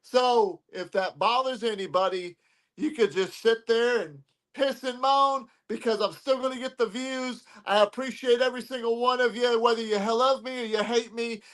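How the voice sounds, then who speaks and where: A man's voice: extremely high pitch, fairly even intonation, moderate pace, a bit bright, low-quality recording. A man from Texas, a wrestling promotion owner talking cocky and brash, barking "What?" between his lines. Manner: cocky, interjects "What?" again and again.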